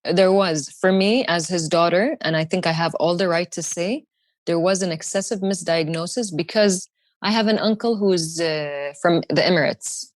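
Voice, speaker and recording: A young woman guest telling a story with fierce, fast, sarcastic intensity. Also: on the low side, no room sound. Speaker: podcast guest. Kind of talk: impassioned storytelling.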